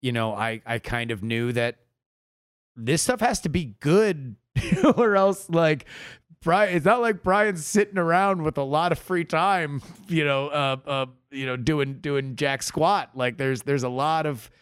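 A man's voice: a little high, unhurried, a bit bright, clean tone, dry recording. Male producer, casual podcast talk, stammering and humble, dry close sound. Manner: stammering, humble, repeats words.

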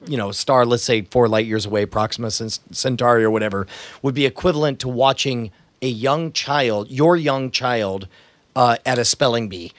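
A man in his thirties co-hosting a podcast, talking in a quick, rambling way with lots of fillers and restarts. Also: mid-range voice, dry recording. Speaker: podcast co-host. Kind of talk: casual chat.

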